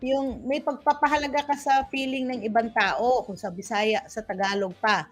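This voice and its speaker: A woman's voice: a little high, fairly even intonation, fairly quick, faint music behind. A woman with a Filipino accent hosting a casual talk show, chatting with playful asides and frequent restarts. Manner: chatty, switching between English and Tagalog; restarts often and teases herself with playful asides.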